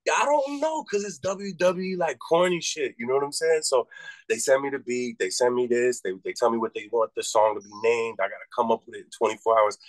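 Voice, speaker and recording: A man from Massachusetts spins a long story in a relaxed interview, swearing freely and jumping his voice up high whenever he acts out other people's lines. His voice sits at an ordinary middle pitch, and the recording is close and dry with no room sound. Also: fairly quick, no echo, low-quality recording. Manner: animated, profane storytelling with quoted voices and big pitch jumps. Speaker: rapper and podcast guest.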